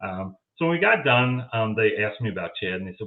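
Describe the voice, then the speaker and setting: A man's voice: lowish voice, animated, fast talker. A man telling a story in a casual chat, acting out the lines of the people he quotes. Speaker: guest, paranormal audio investigator. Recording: tinny phone-like line.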